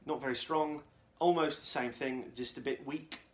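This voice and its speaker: A man's voice: mid-range voice, fairly even intonation, moderate pace. A man hosting a live Q&A, giving casual advice in a plain, everyday voice that he calls nerdy. He rambles candidly and often restarts his sentences.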